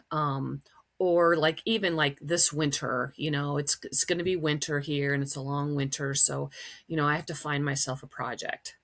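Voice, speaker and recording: Woman, middle-aged, from Wisconsin, podcast host; low, gravelly voice; casual, rambling storyteller. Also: fairly even intonation, moderate pace, fairly bright tone. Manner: chatty, storytelling, many fillers, acts out quotes in a high voice. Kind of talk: casual solo podcast chat.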